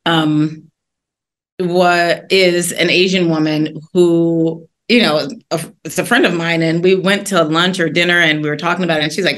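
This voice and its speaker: A woman author as a guest in an interview, telling stories in an earnest, animated way. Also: on the low side, normal speed. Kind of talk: interview conversation.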